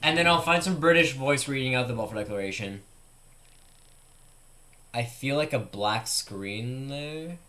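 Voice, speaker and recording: Young guy live-streaming, mid-pitched voice, loose and rambling as he thinks aloud. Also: measured pace, pauses often, sharp tone. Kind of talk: casual live-stream chat.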